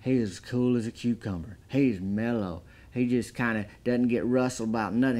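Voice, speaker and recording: A man giving a deadpan comedic movie review, talking in a folksy drawl and building up exaggerated hype. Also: medium pitch, normal speed, few pauses.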